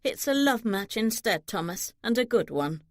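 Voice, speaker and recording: A woman reading an audiobook, voicing a sharp-tongued middle-aged mother who speaks wryly and mutters asides. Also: mid-range voice, animated, normal speed, no room sound, close to an everyday voice. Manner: dry, wry, muttering.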